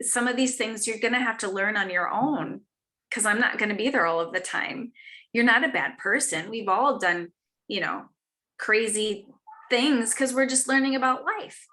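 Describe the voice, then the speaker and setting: A woman's voice: on the high side, pushed and bright. A woman in her thirties or forties, an author chatting earnestly on a live stream, with many fillers and restarts. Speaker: author guest. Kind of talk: casual live chat.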